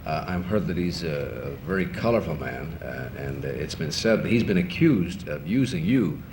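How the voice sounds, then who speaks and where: A man's voice: rumbling low, moderate pace. A male talk show host interviewing a guest in a conversational way, asking short direct questions. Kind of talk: casual interview. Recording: steady background hiss, 1960s television audio.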